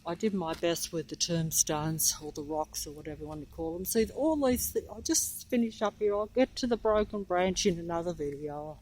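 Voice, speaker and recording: A woman's voice: on the low side, expressive, darkish tone, low-quality recording. A woman filming herself on a walk in a park, out of breath, rambling and trailing off as she talks into a handheld phone. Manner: trailing off, halting and restarting. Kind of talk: rambling walking commentary. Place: outdoor park.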